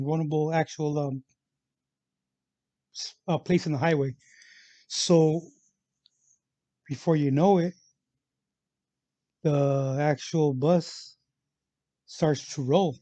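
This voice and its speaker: A man's voice: fairly high pitch, warm tone, dry recording. A man casually telling a personal travel story on his vlog, rambling with many fillers and restarts. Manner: rambling, full of fillers and restarts, repeats "actual". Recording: dull lo-fi sound, dry.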